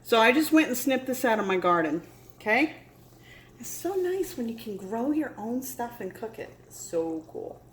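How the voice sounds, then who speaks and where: A woman's voice: a little high, sing-song, normal speed. A woman chatting casually while cooking at home, filling her talk with ums and little asides. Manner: chatty, full of fillers and asides. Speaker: home cook vlogger. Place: home kitchen. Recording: roomy kitchen with loud background noise.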